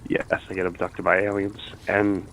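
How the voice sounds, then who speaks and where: A low, gravelly man calling in to a comedy advice show. His voice is husky, and he rambles hesitantly in deadpan. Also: moderate pace, rough recording. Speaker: caller.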